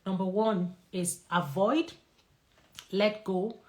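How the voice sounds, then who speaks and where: Lively Nigerian-accented woman doctor. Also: mid-range voice, slow. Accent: Nigerian English. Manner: lively, laughing, answers viewer questions aloud. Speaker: doctor giving a live talk on stress. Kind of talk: live Q&A talk.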